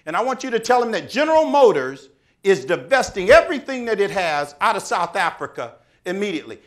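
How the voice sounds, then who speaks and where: Man voicing a commanding older leader; forceful, measured, high and lively. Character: stern older male civil rights leader, commanding.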